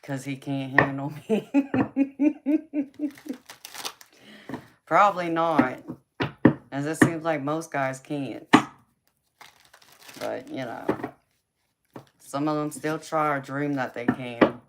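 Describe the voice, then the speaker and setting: Very low-voiced Southern woman, slow drawl. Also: steady tone, heavy background noise. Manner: drawling, slow, reads viewer comments aloud. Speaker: livestream host. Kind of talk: casual chat with live viewers.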